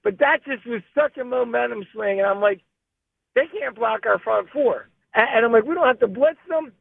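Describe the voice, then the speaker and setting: A man's voice: very high voice, normal speed, creaky, husky, no echo. An emotional man, calling in to a sports radio show, peppering his talk with "bro". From Philadelphia area. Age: 50s. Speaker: caller. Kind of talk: excited call-in chat. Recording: phone line.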